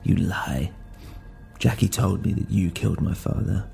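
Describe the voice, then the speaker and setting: This is a stern young woman holding someone at gunpoint, as a male storyteller reads her. She speaks slow, clipped, broken English. The voice is low, gravelly and dark, with faint music underneath. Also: full character voice. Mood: cold. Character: cold stern young German woman with a gun.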